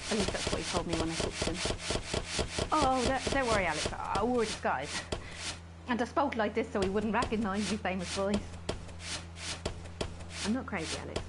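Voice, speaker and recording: A woman's voice: medium pitch, brisk, long pauses, very noisy, natural voice. An actress playing an obsessive, posh female TV presenter who rambles through an awkward, pleading confession on air.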